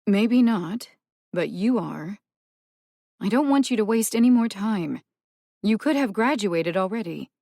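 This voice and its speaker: A woman's voice: mid-range voice, animated, unhurried, creaky, long pauses, dark tone, no room sound, studio quality, pitched above the performer's own voice. A woman narrating an audiobook, voicing a stern, practical woman who speaks in a firm, lecturing way. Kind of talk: audiobook character voice.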